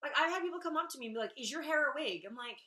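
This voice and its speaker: A woman's voice: high voice, expressive, rapid-fire, pushed and bright. A young woman vlogging a casual rant, exasperated and sarcastic, swearing freely.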